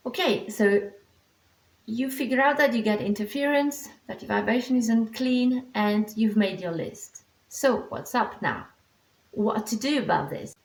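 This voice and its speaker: Calm, reassuring female instructor with a gravelly edge, recorded in a roomy space. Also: mid-range voice. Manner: calm, reassuring, explanatory, frequent restarts. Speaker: animal communication teacher. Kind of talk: instructional vlog. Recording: echoey room.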